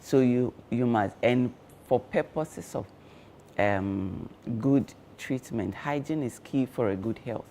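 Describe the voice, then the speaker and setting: A man speaking as a guest on a breakfast show, explaining care tips slowly and with many fillers. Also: mid-range voice, a little mellow, slight background noise. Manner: slow, measured explaining with frequent fillers. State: talking with cloves in his mouth. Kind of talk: explanatory studio talk.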